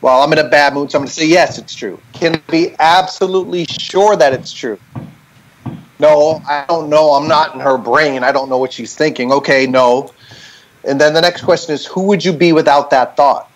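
A man's voice: a little high, fairly even intonation, normal speed. A man speaking as a podcast guest over a video call, telling a candid, reflective story and checking in with "right?" as he makes each point.

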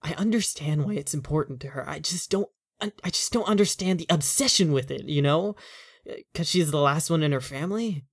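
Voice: mid-range voice, dry recording, studio quality, voice pushed up, natural voice. A storyteller voicing a stressed married man in his thirties who rambles and vents in a weary way, in a horror story reading.

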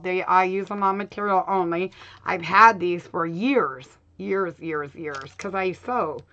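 A woman's voice: mid-range voice, a bit bright, dull audio. Chatty middle-aged woman in craft room. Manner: chatty, laughs often, talks to viewers by name. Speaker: craft channel host. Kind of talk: casual chat with live viewers.

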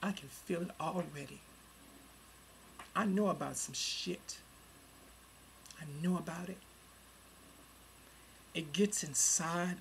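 A person in their forties giving an angry, profane webcam rant, swinging between loud outbursts and low muttering, talking into a computer at home. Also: fairly even intonation, measured pace, vocal fry, long pauses, slight background noise. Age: 40s. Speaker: vlogger.

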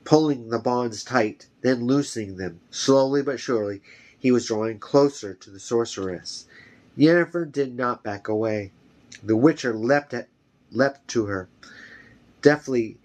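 A man reading a fantasy novel aloud, carefully, often restarting a phrase. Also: mid-range voice. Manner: slow, careful, with frequent restarts. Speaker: reader.

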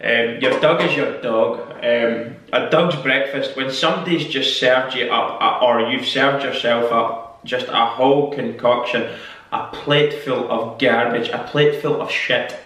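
In an unhurried, rambling vlog, a Scottish YouTube host circles over repeated phrases while musing, now and then dropping a casual swear. His voice is medium in pitch with a fairly bright tone, and it sounds distant from the mic in a very echoey space.

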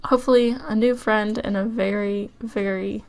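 Chatty woman with a gravelly edge. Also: mid-range voice, steady tone, moderate pace, darkish tone. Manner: chatty, musing aloud with frequent ums and likes. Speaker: let's play host. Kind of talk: casual gameplay commentary.

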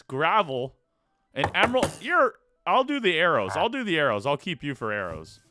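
A man's voice: on the high side, huge pitch swings, normal speed, noisy background. A man live-streaming a video game, chatting casually and playfully with his viewers. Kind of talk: live gaming stream chat.

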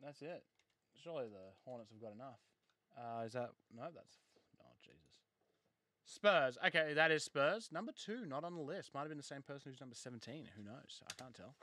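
A man hosting a live trading card break, excitably calling out each card and joking with a co-host. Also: mid-range voice, fairly quick. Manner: excitable, banters and jokes while calling out pulled cards. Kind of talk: live case break commentary.

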